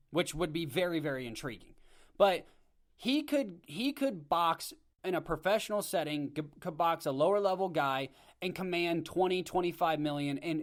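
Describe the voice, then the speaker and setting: A man hosts his podcast from a home microphone, ranting with blunt conviction. His voice sits a little high, and he stumbles and restarts as his thoughts run ahead of him. The tone is casual and opinionated throughout. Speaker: podcast host. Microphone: home podcast mic.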